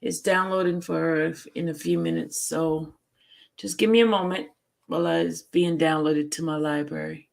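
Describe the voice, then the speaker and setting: A woman's voice: low voice, steady tone, normal speed, creaky. A woman hosting a live stream, chatting casually and greeting her viewers with chatty, sing-song greetings.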